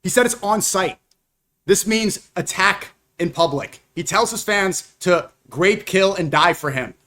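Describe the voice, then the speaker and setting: A man's voice: high-pitched, expressive, measured pace, sharp tone. A young man streaming live, firing off combative, accusatory rebuttals to clips in a heated reaction commentary.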